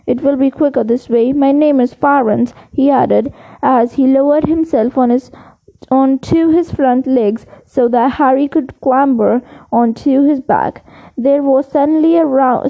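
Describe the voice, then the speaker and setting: A woman reading a novel aloud in an unhurried way, with small slips and restarts. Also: high voice, gravelly, phone-quality sound. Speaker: reader.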